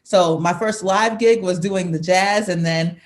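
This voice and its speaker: A woman's voice: lowish voice, a little slow. A woman in her thirties, a singer talking as an interview guest, reminiscing casually, laughing often and restarting her sentences.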